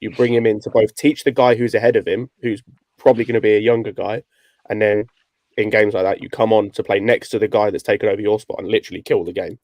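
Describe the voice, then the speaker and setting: A man's voice: fairly low pitch, level tone, fast, a little mellow, dry recording. A man arguing his point emphatically in a casual panel chat, repeating himself and using lots of fillers.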